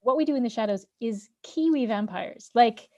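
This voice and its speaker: A woman's voice: on the high side, moderate pace, a little mellow, dull audio. A woman hosting a casual interview, enthusiastic and rambling with many fillers. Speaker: interview host. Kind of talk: casual video-call interview.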